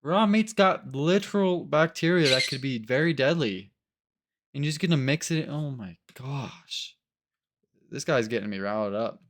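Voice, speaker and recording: A man chatting casually in a reaction video, rambling and animated, often acting out other people's voices. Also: fairly high pitch, moderate pace. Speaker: co-host.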